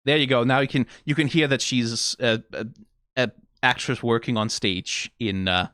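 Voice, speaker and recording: A man from Denmark hosting a casual reaction video, animated and exclaiming, swearing now and then and laughing. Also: medium pitch, normal speed, clean tone, dry recording, clean studio sound, faint music behind.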